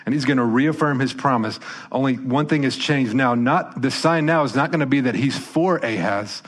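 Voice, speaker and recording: A man preaching a sermon as pastor, conversational and emphatic, swinging between loud punches and soft, quiet lines. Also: medium pitch, moderate pace.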